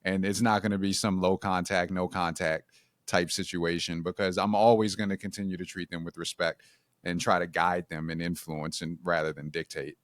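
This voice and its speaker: A man's voice: low-pitched, little pitch movement, moderate pace, no room sound, studio quality. A man, a parent, talking as a podcast guest in a playful, teasing way and laughing often. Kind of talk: casual chat.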